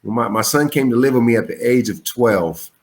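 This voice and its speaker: A man in his forties, a comedian, tells stories over a remote call in a casual, swearing way. His pitch jumps sharply when he acts out what he said, then drops back to a relaxed middle register. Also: a little fast. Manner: animated, profane, jumps high for quoted lines. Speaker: comedian guest. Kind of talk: casual storytelling interview.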